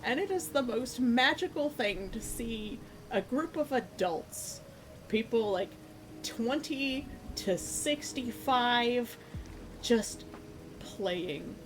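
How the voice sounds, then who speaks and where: A woman's voice: on the high side, slow. A woman streamer telling a story in a casual way while she paints, laughing often and acting out the voices of the people in it. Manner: animated, laughing, acts out quoted voices. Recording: lo-fi music playing underneath. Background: lo-fi music.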